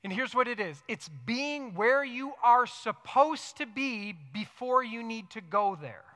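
A man preaching a sermon earnestly, repeating key phrases for emphasis and dropping into soft, reflective tones. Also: very high-pitched, lively intonation, unhurried, in a large hall. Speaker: pastor. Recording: music playing underneath.

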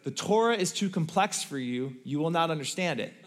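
A man's voice: a little high, expressive, a little fast, natural voice. A man doing a patient old rabbi with riddles. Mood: teasing. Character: wise older male rabbi, testing and teasing.

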